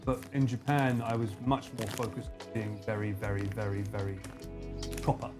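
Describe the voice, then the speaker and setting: A young English man with an Essex accent talks casually on a live stream, animated, with plenty of slang and swearing. Soft music plays faintly behind him. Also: lowish voice, normal speed. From England. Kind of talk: casual chat with a co-host and live chat.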